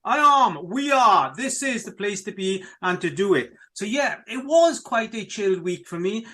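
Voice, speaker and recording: A man's voice: high-pitched, sharp tone. A middle-aged man hosting a podcast, talking casually and enthusiastically to his listeners, rambling and repeating himself. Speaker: podcast host.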